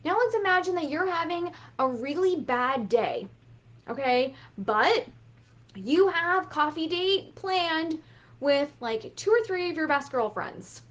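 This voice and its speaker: A woman business coach giving a casual motivational talk, animated and swearing freely as she acts out quotes. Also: high-pitched, takes it slowly, muffled recording.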